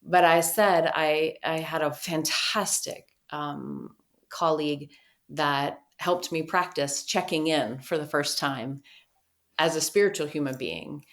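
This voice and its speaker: Low-voiced woman telling stories as a guest. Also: takes it slowly, creaky. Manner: lively storyteller who acts out quoted dialogue. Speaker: guest, clinical officer at a treatment center. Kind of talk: podcast conversation, storytelling.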